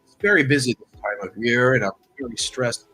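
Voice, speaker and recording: A man's voice: medium pitch, brisk, bright, forceful tone, poor audio. Man doing a brusque military phone operator. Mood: apologetic.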